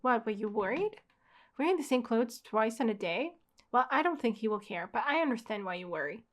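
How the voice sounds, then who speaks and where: A young woman reading the lines of a kind, caring mother who speaks gently with a light tease. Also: fairly high pitch, expressive, fairly quick, lightly acted. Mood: gentle.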